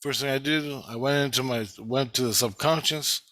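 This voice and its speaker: A man's voice: mid-range voice, normal speed, pushed and bright, no echo. A middle-aged man talking in a rambling, profane, intense personal monologue as a vlogger.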